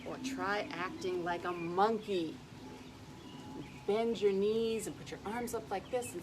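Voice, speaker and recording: Slow, playful woman teaching kids' yoga. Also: mid-range voice, fairly even intonation, noisy background. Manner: slow, playful, sing-song, speaking to young children. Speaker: early childhood educator leading kids' yoga. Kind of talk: children's yoga lesson.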